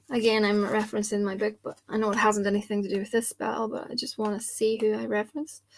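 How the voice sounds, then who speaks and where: A woman doing spells and card readings, chatting informally to her camera at a table indoors and thinking aloud as she goes. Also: mid-range voice. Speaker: spell caster and card reader. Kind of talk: casual talk to camera. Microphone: camera mic.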